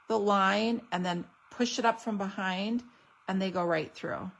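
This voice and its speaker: A woman's voice: medium pitch, unhurried, vocal fry, poor audio. A woman showing off craft products in a casual unboxing video, gushing and chatty. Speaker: stamping demonstrator.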